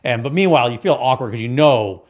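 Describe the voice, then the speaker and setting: A man with a Connecticut accent, co-hosting a podcast and telling stories in a casual, profane, animated way, acting out the people in them. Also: medium pitch, quick pace. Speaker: podcast co-host. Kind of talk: casual storytelling chat.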